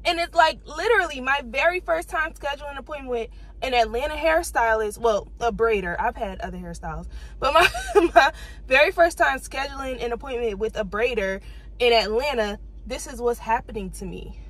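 A woman's voice: fairly high pitch, expressive, a bit bright, low-quality recording. Exasperated young woman venting in a car. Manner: exasperated, venting in rapid rants. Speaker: vlogger.

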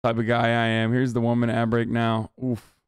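A man's voice: medium pitch, brisk, a little hiss or hum. A man casually reacting to a cooking show on a live stream, swearing and rambling with lots of fillers. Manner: profane, animated, rambling with many fillers.

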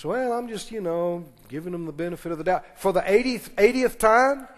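A man preaching. His voice sits high for a man. The long reverb of a large church hall carries every phrase as he calls for answers from the pews. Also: expressive. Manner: preaching with call-and-response, quick asides and laughs. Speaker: pastor. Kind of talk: sermon. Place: church sanctuary.

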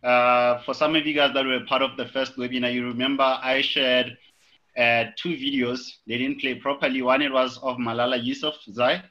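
A man with a South African English accent co-hosts over a video call, his voice bright and forceful. He talks in a casual, encouraging way at a middle pitch. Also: flat delivery, moderate pace, poor audio. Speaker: webinar co-host. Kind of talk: casual online chat.

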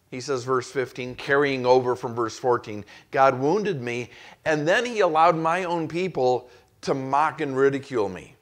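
A male pastor preaching an expository sermon, acting out the quoted voices with rising intensity. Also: medium pitch. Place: church.

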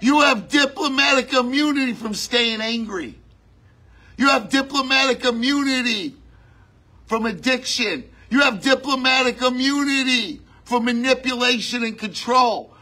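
A man preaching a sermon in a conversational way, breaking into shouts on key lines. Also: extremely high pitch, unhurried.

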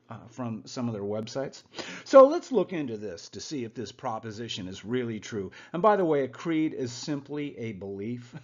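A man's voice: medium pitch, muffled recording. A man teaching the Bible informally over slides. He speaks in a sarcastic, hesitant way, with many "uh"s and mocking asides.

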